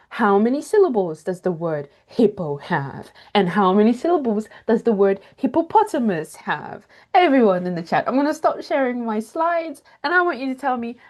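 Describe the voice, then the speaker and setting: A woman speaking over a video call as she leads a teaching webinar. She sounds upbeat and walks through each step with clear examples. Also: a little high. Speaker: teacher trainer. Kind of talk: webinar presentation.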